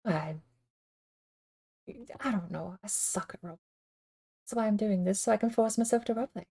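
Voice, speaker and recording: A woman's voice: medium pitch, moderate pace, gravelly, dark tone, slightly rough. A woman streaming a game, talking casually and thinking aloud in a rambling, self-deprecating way. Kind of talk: casual livestream commentary.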